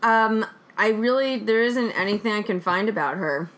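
A woman's voice: mid-range voice, lively intonation, moderate pace, a bit bright. A woman co-hosting a podcast, chatting casually about a film in a rambling, joking way with lots of fillers. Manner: rambling, peppered with fillers and jokes. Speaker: podcast co-host. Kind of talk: casual chat reviewing a film.

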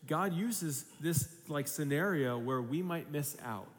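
Conversational pastor in a reverberant hall. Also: male voice, on the high side, animated, unhurried. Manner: casual conversational preaching with acted asides. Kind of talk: sermon.

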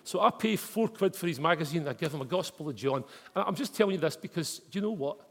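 A man's voice: fairly high pitch, expressive, fast. A Scottish man preaching a chatty storytelling sermon, dropping in local words like wee and mate. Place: church hall with congregation. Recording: long reverb of a church hall.

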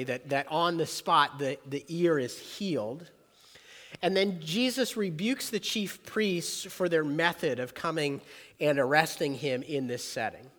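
A man preaching a sermon, talking plainly and with emphasis, then easing into a quiet prayer. His voice sits fairly high for a man. A long reverb from a large hall trails every phrase. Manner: animated preaching that drops to soft earnest prayer. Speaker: pastor.

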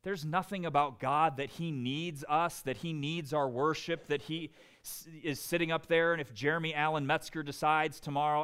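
Preacher guy, earnest, smooth clear voice, goes soft and quiet to hit a point. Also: on the high side, moderate pace. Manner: earnest, drops to soft quiet tones for emphasis. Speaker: pastor. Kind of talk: sermon.

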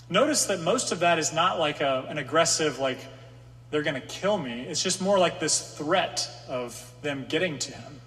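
A male pastor gives a sermon in a relaxed, conversational way, with a slightly higher than usual voice. Now and then he steps into the psalmist's pleas. His voice carries a long reverb, as if it were filling a large hall. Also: moderate pace. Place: room with an audience.

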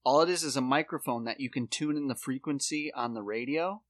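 A man's voice: medium pitch, brisk, no room sound. A man hosting a podcast in casual chat, telling rambling, profane stories with lots of fillers. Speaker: podcast host.

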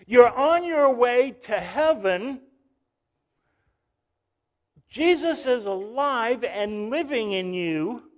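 A man's voice: extremely high pitch, expressive, slow pace, few pauses. A male pastor preaching a sermon, telling a story and calling out to the congregation.

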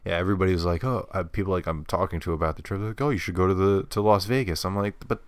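A young man from New talks in a casual, profane way, with a lowish voice. He jokes, swears freely and gets loud and laughing when he's riled up. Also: steady tone, racing. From New York. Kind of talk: casual chat.

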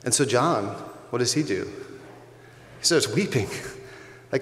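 A man's voice: medium pitch, expressive, unhurried, long pauses, a little hiss or hum. A male pastor giving a sermon in a conversational, emphatic way, repeating key phrases for weight. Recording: echoey church hall with long reverb.

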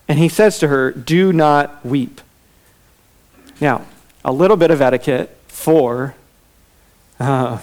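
A man preaching a sermon in a relaxed, conversational way, with casual fillers and asides. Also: fairly high pitch. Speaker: pastor.

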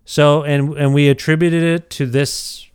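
A middle-aged man tells a self-deprecating story in a casual, animated way, often stumbling and restarting. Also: on the high side, a little slow, clean tone, no room sound, clean studio sound. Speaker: podcast storyteller.

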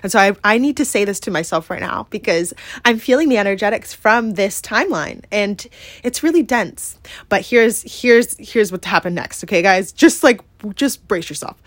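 A woman's voice: medium pitch, animated, moderate pace, no echo, studio quality. A woman hosting a podcast, telling a personal story in a candid, emphatic way full of swearing and "like". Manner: emphatic and profane, heavy use of "like" and "yeah?". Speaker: podcast host.

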